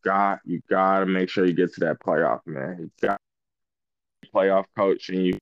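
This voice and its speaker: As a guest in a casual football chat, a man talks in a low-pitched voice with vocal fry at normal speed. He's animated and emphatic and restarts a lot. The lo-fi audio sounds dull, with no room sound.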